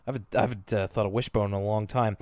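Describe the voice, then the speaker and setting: A man's voice: on the low side, steady tone, very fast, a little mellow, no room sound, clean studio sound. A man co-hosting a podcast, casually recapping a cartoon episode, rambling and laughing often. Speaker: podcast co-host.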